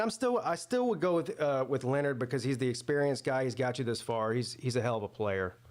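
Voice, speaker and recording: A man talks to his live-stream viewers during a football game, his voice sitting at an ordinary middle pitch. He rambles and thinks out loud, stopping and restarting with plenty of fillers as he reacts to the play. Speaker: sports watch-party host. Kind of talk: casual live-stream commentary.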